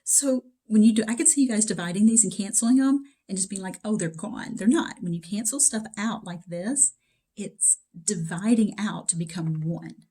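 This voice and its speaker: A woman's voice: medium pitch, normal speed, mellow, breathy edge. A woman teaching math in a casual recorded lecture, talking straight to her students in a chatty way from her home basement. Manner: chatty, talks to students directly.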